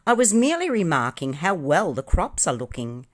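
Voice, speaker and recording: A woman's voice: fairly low pitch, sing-song, moderate pace, pitched above the performer's own voice. A woman voicing a cheery, sociable male penguin with a chummy, confiding manner. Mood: soothing.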